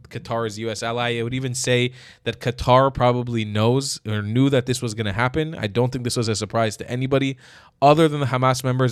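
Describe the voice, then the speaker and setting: A man's voice: medium pitch, clear, resonant tone, dry recording, studio quality. Blunt, profane male commentator. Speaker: political commentator, channel host. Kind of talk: casual reaction commentary.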